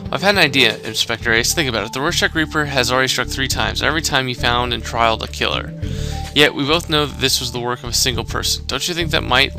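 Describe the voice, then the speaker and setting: A man's voice: mid-range voice, fast, few pauses, music in the background, lightly acted. A man voicing a headstrong young woman in a mystery game, pleading and defiant. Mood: earnest.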